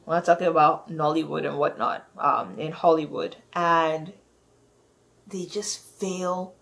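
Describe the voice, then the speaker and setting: A woman vlogger in a casual, exasperated rant, rambling and filling her talk with "like". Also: lowish voice. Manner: exasperated, rambling, heavy use of "like".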